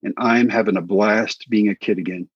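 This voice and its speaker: A middle-aged man from Texas, a former pitcher, telling lively anecdotes as an interview guest and acting out quoted voices. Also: moderate pace, breathy edge, dry recording. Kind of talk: casual storytelling. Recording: slightly dull dry sound.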